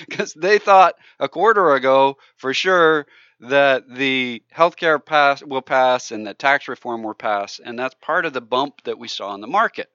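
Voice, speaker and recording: Male co-host, quick interjections, bright voice, dry studio. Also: medium pitch, smooth, no echo, highs cut off. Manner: chiming in with short remarks and questions. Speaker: radio co-host. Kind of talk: call-in radio talk about markets.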